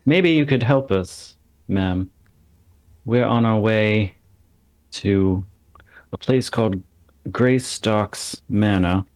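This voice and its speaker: Low, easygoing man at a tabletop game, recorded dry and close. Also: takes it slowly, long pauses, a little mellow, dry recording. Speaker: player. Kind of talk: tabletop role-play.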